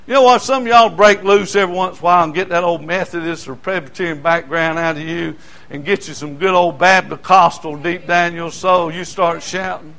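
An older preacher with a high, bright voice. He tells folksy stories from the pulpit in an animated sermon and breaks into shouts. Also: moderate pace. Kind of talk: sermon storytelling.

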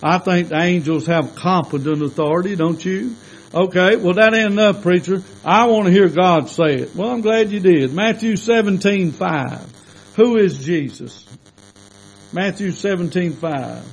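A man with a strikingly high voice preaches a fervent sermon. He fires rhetorical questions at the congregation and punctuates his points with repeated calls of amen. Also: unhurried, rough recording.

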